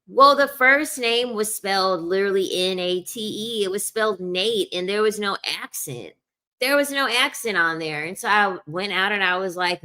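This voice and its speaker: A woman's voice: mid-range voice, measured pace, pushed and bright. A woman chatting casually to her viewers, emphatic and repeating herself, laughing often. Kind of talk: casual chat to camera.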